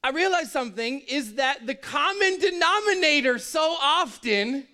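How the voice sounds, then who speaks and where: Man preaching, high bright voice, chatty and jokey. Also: lively intonation, unhurried. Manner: conversational, joking, emphatic. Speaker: pastor. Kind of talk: sermon.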